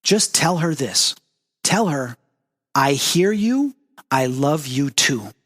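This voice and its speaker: A man voicing his late father's spirit, speaking calmly, slowly and tenderly. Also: fairly high pitch, in a large hall. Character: gentle older father's spirit, caring.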